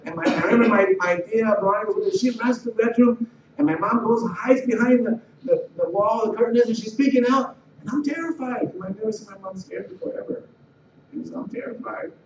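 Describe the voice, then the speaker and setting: A middle-aged man with a high voice tells his own story casually, stumbling and repeating words as he goes. He is picked up from a distance in an echoey room, and the recording sounds dull with a faint hiss underneath. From Los Angeles area. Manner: halting, repeats words and restarts, voice rising when retelling tense moments. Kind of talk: personal life story, told casually. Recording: roomy, distant, dull and slightly noisy.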